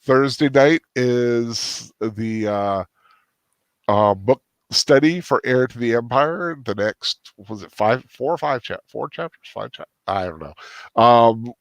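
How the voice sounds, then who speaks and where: A man hosting a casual post-movie chat, rambling and halting with lots of restarts and fillers. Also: mid-range voice, animated, dry recording. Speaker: host.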